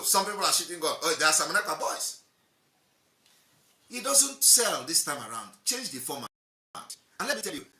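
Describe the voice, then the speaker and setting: A man from Nigeria delivers a combative political monologue, firing off rhetorical questions and repeating his points. His voice is very bright and cutting, with wide, animated swings in pitch. The sound is roomy and echoey. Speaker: political commentator.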